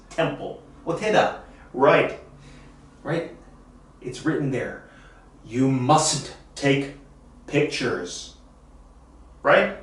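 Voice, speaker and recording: Slow, deliberate man teaching in an echoey room. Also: mid-range voice, far from the mic. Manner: slow, deliberate drilling of phrases. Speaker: English teacher. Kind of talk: classroom lesson demonstration.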